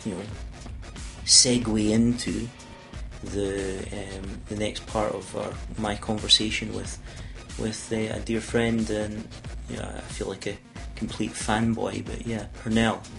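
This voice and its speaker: A man's voice: fairly low pitch, level tone, measured pace, vocal fry, faint music behind. A Scottish man hosting a podcast, chatting casually and wandering off on tangents. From Scotland. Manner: rambling, goes off on tangents. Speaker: podcast host. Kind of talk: casual conversation. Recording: echoey room.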